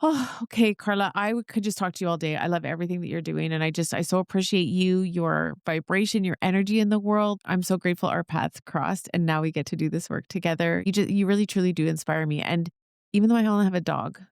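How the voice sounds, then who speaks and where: Host, woman, lowish smooth voice, effusive, dry sound. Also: quick pace, dry recording. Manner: gushing, effusive praise. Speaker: podcast host. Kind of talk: casual interview chat.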